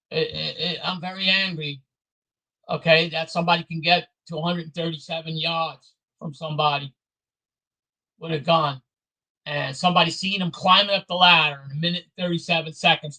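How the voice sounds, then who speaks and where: A man speaks in a high register, rattling off repeated complaints in a blunt, heated way. His tone is bright and a little sharp, as in a solo rant recorded for his own channel. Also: poor audio. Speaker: vlogger. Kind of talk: angry political rant to camera.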